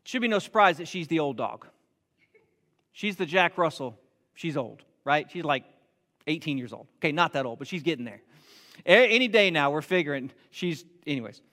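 Animated high-voiced male preacher. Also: in a large hall. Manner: animated and self-mocking, slowing for emphasis. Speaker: pastor. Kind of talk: storytelling sermon.

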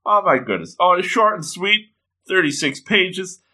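A man reading a comic aloud with running commentary, his voice swooping widely in pitch. His tone is bright and forceful, gushing with repeated exclamations. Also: measured pace. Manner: animated, gushing, frequent exclamations. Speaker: comic reader and reviewer.

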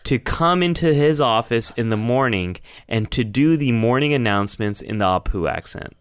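A man's voice: mid-range voice, animated, normal speed, clear, resonant tone, dry recording. A man from the United States hosting a casual podcast discussion, talking candidly and reflectively and laughing wryly at himself. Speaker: podcast host.

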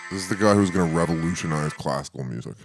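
A man's voice: low-pitched, animated, rapid-fire, music in the background. A man co-hosting a podcast in loose, profane banter, often breaking into laughter. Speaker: podcast co-host. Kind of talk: casual chat.

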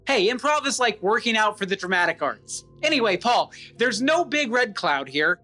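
A man playing a fussy high-voiced writer. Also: very animated, moderate pace, bright, forceful tone, faint music behind, exaggerated voice. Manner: fussy, defensive. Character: fussy nerdy male writer. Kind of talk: comedic audio play.

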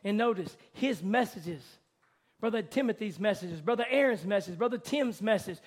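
A man with a notably high voice preaches a sermon from the pulpit. He drops to a hushed softness, then builds to a loud, climbing fervor. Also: expressive, moderate pace. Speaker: pastor.

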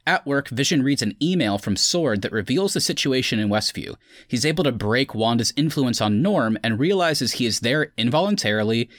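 A man's voice: medium pitch, fairly bright tone, no echo, studio quality. A man hosting a casual podcast, recapping an episode and chatting loosely with friends. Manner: recaps plot then chats loosely with friends. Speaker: podcast host.

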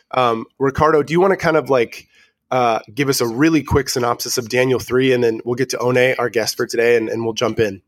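A man hosting a church podcast as pastor, nasal from a cold, talking casually with pauses and fillers. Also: mid-range voice, no echo, clean studio sound. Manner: relaxed, hesitant with fillers.

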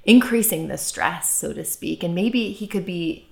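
A woman co-hosting a parenting advice chat, speaking in a calm, supportive way. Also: fairly low pitch, a little slow, vocal fry. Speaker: co-host.

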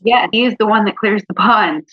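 A woman's voice: medium pitch, moderate pace, no room sound. A woman guest sharing her faith testimony in an earnest, heartfelt way, at times close to tears. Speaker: interview guest. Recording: dull, slightly lo-fi, dry sound.

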